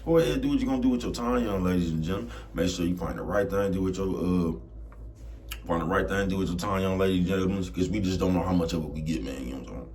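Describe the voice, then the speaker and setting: A man's voice: low voice, fast talker, slight background noise. A man ranting casually to camera in a laid-back, streetwise way, keeps asking "you know what I'm talking about". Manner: laid-back, gets loud and heated. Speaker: vlogger.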